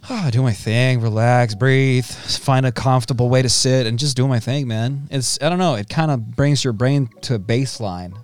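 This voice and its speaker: A man co-hosts a podcast in relaxed, joking chat full of slang. His mid-range voice is darkish and clean, at a normal speed, with soft music playing in the background.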